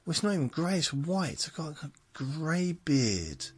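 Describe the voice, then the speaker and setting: A man in his seventies hosting a podcast, rambling in a meandering, self-mocking way, with drawn-out phrases. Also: on the high side, sing-song, breathy edge. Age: 70s. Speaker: podcast host. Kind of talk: rambling bedtime monologue.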